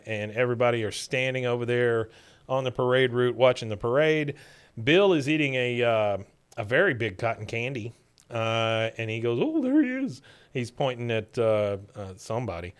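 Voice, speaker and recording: Podcast guy walking through an episode, lots of uh's, clean smooth voice, middle pitch. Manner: loose retelling with many fillers, acting out quoted lines. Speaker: podcast host. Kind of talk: casual episode recap.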